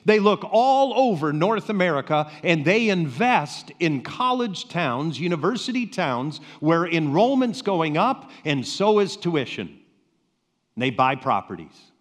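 A man preaching a sermon as a pastor, with slow, emphatic pauses and rhetorical questions. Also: a little high, very animated. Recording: reverberant hall.

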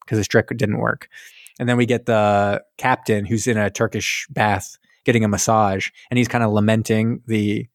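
A man's voice: lowish voice, flat delivery, normal speed, dry recording, clean studio sound. A young man co-hosting a casual movie podcast, rambling through the plot and acting out lines. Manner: rambling, acts out characters in voices. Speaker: podcast co-host. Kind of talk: casual movie recap chat.

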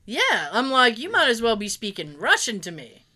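A woman's voice: a little high, normal speed. A woman chatting casually, telling funny stories, acting out what people said, laughing often and swearing freely. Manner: animated storyteller, acts out quotes, laughs often, swears. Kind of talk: casual chat.

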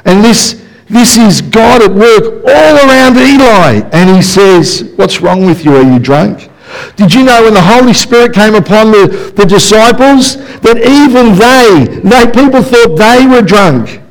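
A man's voice: extremely high pitch, lively intonation, unhurried, rough recording. A man preaching a passionate, emphatic sermon in church, full of rhetorical questions. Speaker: pastor. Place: church service, also streamed.

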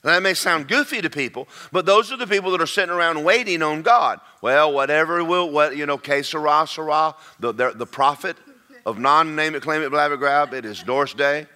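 An older man delivers a sermon in a folksy, emphatic way. His voice sits a little high and sounds bright and forceful. He drags out key words slowly to drive them home. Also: lively intonation. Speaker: preacher.

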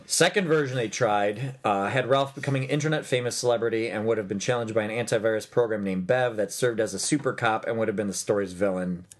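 A man co-hosting a casual movie chat, rambling quickly with restarts. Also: on the low side. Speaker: podcast co-host.

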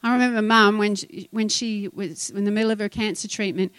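A middle-aged woman preaching a sermon, feisty and emphatic, moving between loud declarations and quiet asides. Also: mid-range voice, steady tone, fairly quick, smooth, dry recording.

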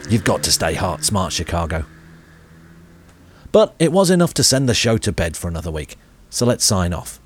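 A man's voice: low voice, big pitch swings, normal speed, slight background noise. A man co-hosting a comedy podcast, joking around and putting on silly voices. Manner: playful, jokey, slips into silly voices. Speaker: podcast co-host. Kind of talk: comic podcast banter.

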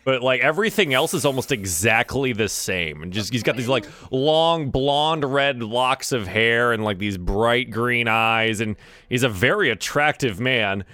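A man's voice: medium pitch, animated, measured pace, sharp tone, no room sound. A man narrating as game master of a tabletop game, rambling with many fillers and restarts.

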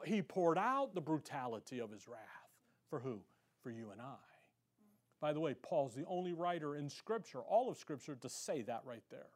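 A man preaching an animated sermon as pastor, swinging between loud emphasis and quiet asides, self-described as getting excited. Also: on the high side, moderate pace. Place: church sanctuary.

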